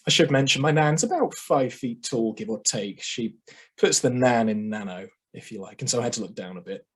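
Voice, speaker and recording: A man giving a competition speech over a video call, measured and oratorical with dramatic pauses. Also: medium pitch, slightly rough. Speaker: speech contestant.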